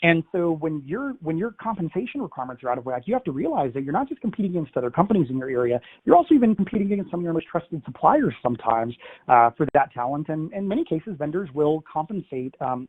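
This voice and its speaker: A man's voice: a little high, husky. Man presenting a webinar over a tinny line. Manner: conversational, many fillers, emphatic asides. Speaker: industry analyst presenting a webinar.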